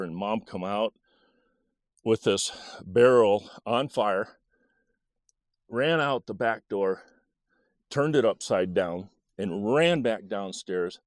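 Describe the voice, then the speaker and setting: A man in his sixties recounts a memory from his boyhood in a low voice, pausing often with "uh" and soft chuckles. The sound is dry and close, with no room around it. He talks in a relaxed, unhurried way. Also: dry recording. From Michigan, USA. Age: 60s. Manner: halting, with many "uh" fillers and soft chuckles. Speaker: storyteller. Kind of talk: casual personal storytelling.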